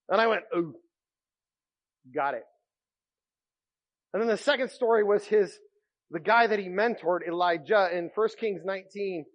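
Male pastor, high voice, animated sermon storytelling, muffled recording. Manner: animated storytelling, wide swings from loud to hushed.

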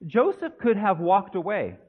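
A male pastor preaching a sermon with deliberate, emphatic pauses. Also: high voice, big pitch swings, narrow, tinny audio.

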